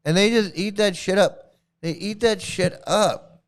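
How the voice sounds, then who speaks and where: A man reacts to a clip with blunt scorn, stumbling into restarts and repeating his points. His voice is smooth and clear. It sits a little high for a man. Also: unhurried, a faint crowd. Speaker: commentary host. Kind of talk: mocking reaction commentary.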